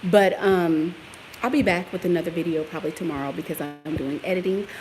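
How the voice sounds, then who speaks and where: A sassy, animated woman vlogs from home, her voice on the low side and a little fast. She chats casually, talks back to commenters and laughs often while moving around the house and yard, with clear background noise in the home recording.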